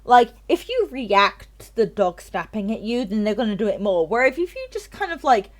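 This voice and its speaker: A woman's voice: on the high side, very animated, normal speed. A tipsy woman streamer chatting casually and ranting at length, swearing freely and repeating herself. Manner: rambling and profane, repeats herself. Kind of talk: casual chat on a live game stream.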